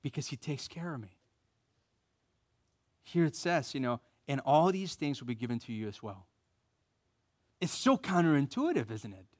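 An American man preaching a sermon, animated, repeating phrases for emphasis and leading call-and-response with the congregation. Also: mid-range voice, normal speed, long pauses.

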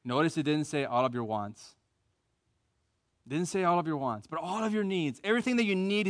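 An American man preaching a sermon, animated, repeating phrases for emphasis and leading call-and-response with the congregation. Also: fairly high pitch, a little fast.

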